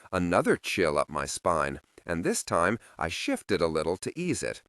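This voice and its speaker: A man narrating an audiobook in a slow, expressive storytelling voice, recorded on a close studio mic. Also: low voice, no room sound.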